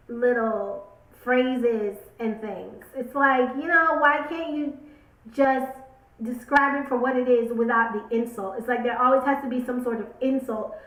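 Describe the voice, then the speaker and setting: A young woman in her twenties, a beauty vlogger, speaking emphatically and opinionated to camera, repeating words for stress. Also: on the high side. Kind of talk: casual talk to camera. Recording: roomy echo.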